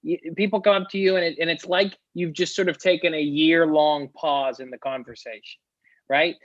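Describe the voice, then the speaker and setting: A man's voice: fairly high pitch, fairly even intonation, normal speed, no echo, muffled recording. A man hosting a podcast who asks long, rambling questions full of fillers. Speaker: podcast host. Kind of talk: interviewer asking questions.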